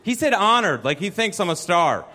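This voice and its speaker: A man's voice: high-pitched, very animated, moderate pace, sharp tone. A man doing a stand-up set, telling a story in a self-deprecating, conversational way on a live club stage. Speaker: stand-up comedian.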